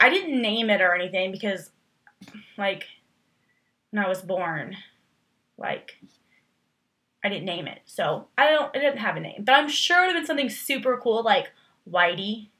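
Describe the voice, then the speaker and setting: A woman's voice: medium pitch, pushed and bright. A young woman vlogging casually, rambling through tag questions with lots of fillers and playful, exaggerated emphasis.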